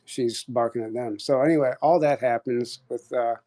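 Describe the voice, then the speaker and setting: A man's voice: medium pitch, moderate pace. Rambling man telling a wild story. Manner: rambling, animated, full of "like" and restarts. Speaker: guest storyteller on an audio chat. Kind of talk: casual storytelling.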